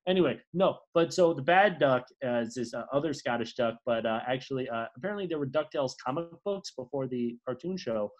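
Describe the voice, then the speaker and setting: A podcast co-host rambles through stories in loose, casual chat. The delivery is full of fillers and false starts, and the pitch leaps far up and down with a lively swing. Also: brisk, hardly any pauses, highs cut off. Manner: rambling, with many fillers and restarts; swoops from low to high when excited.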